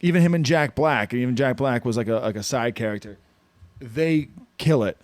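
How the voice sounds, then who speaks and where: A man's voice: mid-range voice, brisk, dry recording. A man hosting a casual podcast chat, rambling and restarting sentences as he tells comedy stories. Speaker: podcast host.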